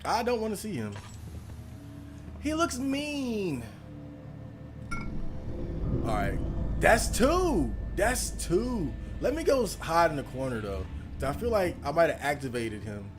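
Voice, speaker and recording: A man talking over a game he plays, animated and profane, laughing through his reactions. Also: a little high, slow pace, long pauses, music in the background. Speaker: gaming channel host. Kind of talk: let's play commentary.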